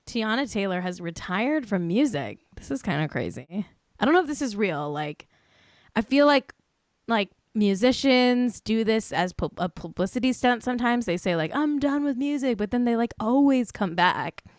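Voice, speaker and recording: A woman's voice: medium pitch, big pitch swings, moderate pace, no echo, clean studio sound. A young woman hosting a casual celebrity gossip podcast, chatty and full of "like". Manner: chatty, lots of "like", quotes aloud. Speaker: podcast host.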